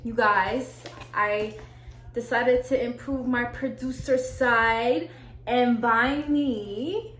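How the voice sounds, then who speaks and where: A young woman, excitable and gushing, talking slangy through a casual unboxing vlog. Her voice sits a little high, and the room around her rings with echo over a faint hiss. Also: slow pace. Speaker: vlogger.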